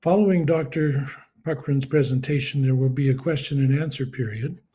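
A man moderating a forum, reading a prepared introduction of the speaker in a steady, formal way. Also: mid-range voice, normal speed, slightly rough.

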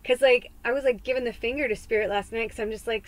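A woman's voice: high-pitched, steady tone, brisk, low-quality recording. Emotional, rambling woman medium. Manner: rambling, emotional, candid, swears freely, laughs through tears. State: tearful, close to crying. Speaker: psychic medium host. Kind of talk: casual spoken tarot-style reading podcast.

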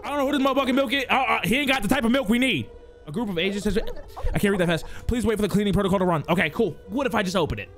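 A young man giving loud, casual gameplay commentary, swearing, talking to his chat and reading the game text aloud. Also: sits high, rapid-fire. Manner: loud, excitable, swears a lot, talks to chat. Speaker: gaming YouTuber. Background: faint game music.

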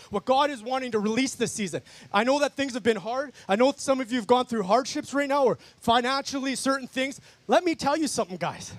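With an extremely high pitch and a dry recording, a man preaches his testimony fervently to worshippers gathered outside in a park. He's the guest speaker, emphatic and repetitive, constantly addressing the crowd as "guys."

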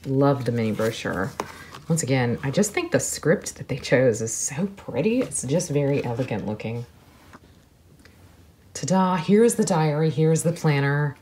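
A woman narrating an unboxing video, soft-spoken and gushing, moving between quiet murmurs and excited exclamations. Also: extremely low pitch, unhurried, slight background noise. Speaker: vlogger.

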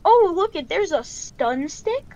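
A female player in playful role-play chatter during a game, dramatic and quick to suggest pretend plot twists. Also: very high-pitched, big pitch swings, warm tone, dull audio. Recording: clear background noise.

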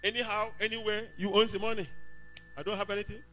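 Man, Nigerian accent, high bright voice, emphatic church testimony. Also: level tone, fast talker, faint music behind, rough recording. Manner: emphatic storytelling, rising to exclaiming praise. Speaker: church member giving testimony.

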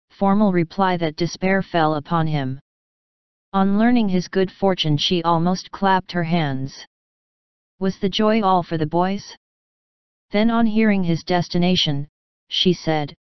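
A woman narrating a classic novel as a bedtime audiobook, with calm, even storytelling. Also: lowish voice, clean tone, no room sound. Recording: dry, slightly dull sound.

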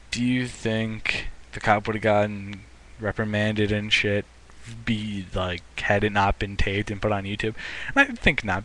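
A man's voice: on the low side, a bit bright, a little hiss or hum. A young man ranting into the camera as a vlogger, swearing a lot and often restarting his sentences. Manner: profane and indignant, restarting often. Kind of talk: ranting commentary.

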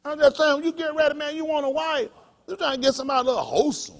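A man, a pastor, preaching a sermon through folksy personal stories, shouting and laughing as he goes. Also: very high voice, expressive, rapid-fire. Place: congregation hall.

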